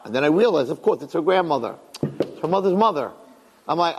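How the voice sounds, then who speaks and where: Husky-voiced rabbi telling stories. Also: male voice, medium pitch, fast. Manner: animated, repeats phrases, quotes children in dialogue. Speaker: rabbi and speaker. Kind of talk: storytelling talk to an audience. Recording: long reverb in a hall.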